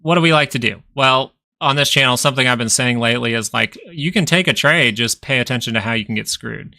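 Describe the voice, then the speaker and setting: A man's voice: medium pitch, fast talker, gravelly, pushed and bright, no room sound. A man hosting a live stock market stream, chatting casually as he walks through charts, thinking aloud and repeating phrases for emphasis. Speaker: stock market livestream host.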